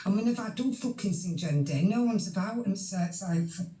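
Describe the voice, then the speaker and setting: A woman's voice: mid-range voice, expressive, quick pace, mellow, roomy sound. A woman in a heated casual voice chat, blunt and sweary as she tells someone off. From Yorkshire, England. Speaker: voice chat participant.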